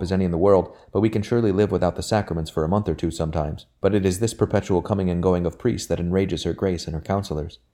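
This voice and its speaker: A man voicing a peevish, anxious young gentleman in a storybook reading, complaining and fretful, low and dark in tone. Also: lightly acted.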